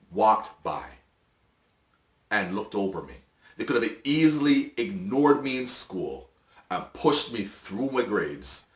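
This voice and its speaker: A middle-aged man sharing his personal testimony in an earnest, halting, emotional way, with restarts and soft laughs. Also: fairly low pitch, roomy sound. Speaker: video host.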